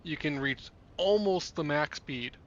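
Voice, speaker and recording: A man talking over an online voice chat while gaming, thinking aloud and pausing often to find words. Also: fairly high pitch, expressive, dull audio. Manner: halting, thinks aloud about builds. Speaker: co-player. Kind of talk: casual gameplay chat.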